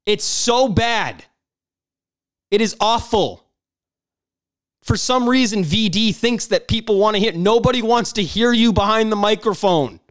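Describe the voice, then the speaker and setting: A man's voice: sits high, a bit bright, smooth, no echo, studio quality. A man hosting a podcast, talking in a blunt, profane casual monologue. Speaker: podcast host.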